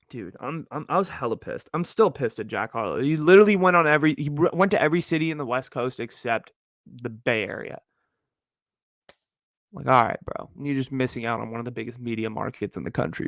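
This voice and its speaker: A man of twenty-one from Northern California, hosting his own show in a rambling, slangy solo rant that jumps to high, exasperated tones. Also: animated, fairly quick, a bit bright, no echo. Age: early 20s. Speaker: podcast host.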